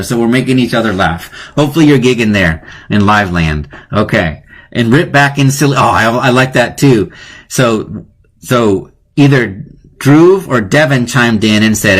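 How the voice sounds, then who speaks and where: A man's voice: medium pitch, animated, normal speed, a bit bright. A man hosting a live-streamed lesson on wordplay, chatty and playful, often laughing at his own jokes. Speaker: teacher hosting a live online class.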